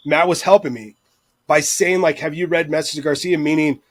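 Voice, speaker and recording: A man's voice: a little high, steady tone, brisk, no echo. A man talking in a casual podcast chat, profane and rambling, with bursts of intensity.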